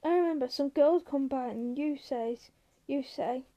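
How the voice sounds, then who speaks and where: A woman voicing a huge, slow, gentle man who talks softly and pleads like a child, raising her voice higher for him. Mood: pleading.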